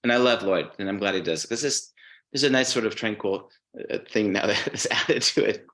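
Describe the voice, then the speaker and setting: A man talking as a podcast guest, telling stories in a relaxed way and swearing casually. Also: fairly low pitch, fairly quick. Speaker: guest musician.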